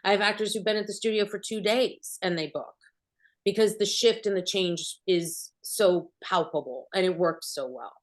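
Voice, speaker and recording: A middle-aged woman acting coach answering panel questions, an animated storyteller who acts out bits of dialogue. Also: medium pitch, moderate pace.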